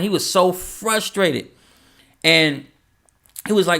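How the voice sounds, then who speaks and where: Guy coaching beatmakers, kinda high voice, hypes it up and acts out what people said. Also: unhurried, gravelly. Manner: animated, acts out quoted dialogue, repeats phrases. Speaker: music producer coaching other producers. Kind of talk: casual motivational talk to camera.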